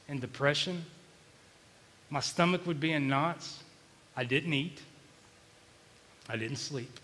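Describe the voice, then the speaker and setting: Male preacher, bright forceful tone, emotional confessional delivery, big church reverb. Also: fairly high pitch, a little hiss or hum. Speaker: pastor. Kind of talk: sermon. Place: church sanctuary.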